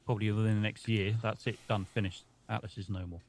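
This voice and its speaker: A man hosting a casual live stream chat, chatty and quick to laugh. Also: fairly low pitch, little pitch movement, darkish tone, a little hiss or hum.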